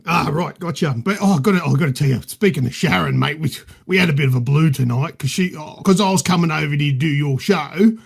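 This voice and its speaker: A man's voice: on the high side, a little fast, vocal fry, hardly any pauses, breathy edge. A man with an Australian accent playing a crude, boastful middle-aged bloke who rambles and swears as a podcast guest. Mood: cheeky. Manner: cheeky, rambling, swears freely. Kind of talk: improvised comedy character.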